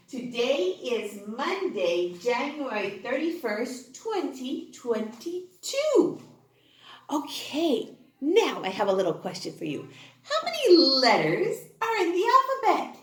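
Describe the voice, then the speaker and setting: A woman teaching an online phonics class to young children, encouraging and exaggerated, speaking slowly and clearly. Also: high-pitched, very animated, echoey room. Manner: sing-song, encouraging, slow and exaggerated for small children. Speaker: kindergarten teacher.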